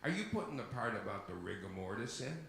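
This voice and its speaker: A man's voice: fairly low pitch, very animated, fast, gravelly, very echoey, a crowd in the background. A man telling a comic story on stage, swearing freely, acting out the people he quotes and laughing at his own punchlines. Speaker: solo stage performer.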